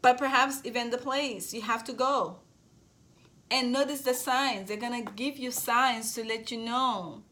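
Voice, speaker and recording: A woman with a noticeable non-native accent reads tarot intuitively to camera. Her voice is a little high and a bit bright, with fairly even intonation and a slightly slow pace. She's reassuring and repetitive, often restarting phrases and checking in with listeners.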